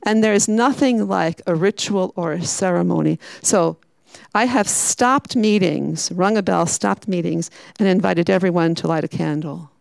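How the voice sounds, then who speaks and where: A woman who is a Franciscan sister, giving a reflective spiritual talk. She is emphatic, slowing down and repeating key words. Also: on the low side, vocal fry, darkish tone, no echo, poor audio.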